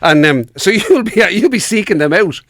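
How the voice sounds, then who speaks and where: A man's voice: high voice, lively intonation, normal speed, fairly bright tone, dry recording, clean studio sound. An Irish man co-hosting a casual podcast, teasing his partner and laughing often. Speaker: radio co-host.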